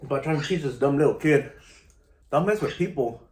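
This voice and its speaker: A man's voice: on the high side, lively intonation, normal speed, darkish tone, roomy sound, slight background noise. A middle-aged man, telling stories casually to camera in a laid-back, slangy way. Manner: laid-back, slangy, keeps saying "you know" and "vato". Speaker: vlogger.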